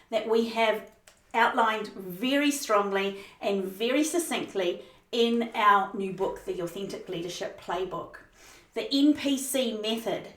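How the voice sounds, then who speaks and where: A woman leadership coach giving a motivational teaching talk, emphatic and expressive, speeding up and slowing down for effect. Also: medium pitch. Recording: roomy sound, mic at a distance.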